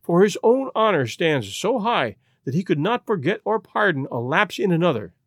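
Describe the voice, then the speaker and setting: A man's voice: high voice, big pitch swings, normal speed, husky, no room sound, clean studio sound, exaggerated voice. A man reading an audiobook, voicing a distraught, proud young aristocratic wife in an imploring, emotional way. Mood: pleading.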